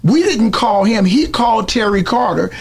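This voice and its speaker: A man's voice: high-pitched, lively intonation, moderate pace, creaky, husky. A man being interviewed, telling a story blow by blow in a street manner. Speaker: interview guest.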